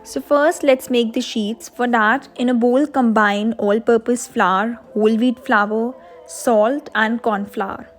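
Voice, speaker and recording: A woman's voice: fairly high pitch, fairly even intonation, slow pace, soft background music. Woman walking through a recipe, step by step. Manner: clear step-by-step explaining. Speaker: cooking channel host. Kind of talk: recipe instruction voice-over.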